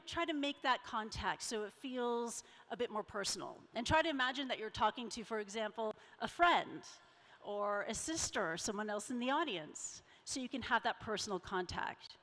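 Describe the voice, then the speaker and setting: A woman's voice: a little high, fairly bright tone. A middle-aged woman giving a conversational, emphatic talk on public speaking as a keynote speaker at a summit. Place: large event hall. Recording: reverberant conference hall.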